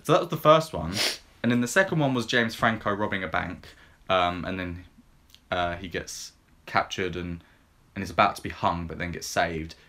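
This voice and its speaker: Co-hosting a film podcast, this low-voiced man speaks at a moderate pace. He's laid-back and meandering, recounting movie scenes in ordinary talk littered with fillers like um and like.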